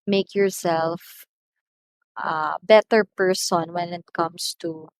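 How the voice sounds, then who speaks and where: A woman with a Filipino accent teaching English pronunciation, slowly repeating each example word so it can be drilled. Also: on the low side, fairly even intonation, no room sound, low-quality recording. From Philippines. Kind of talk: online lesson on English pronunciation.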